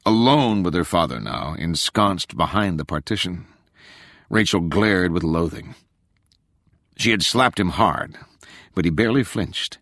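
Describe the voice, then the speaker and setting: A man narrating a thriller audiobook in a dramatic, expressive storytelling style. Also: low-pitched, unhurried, dry recording, clean studio sound. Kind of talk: scripted narration.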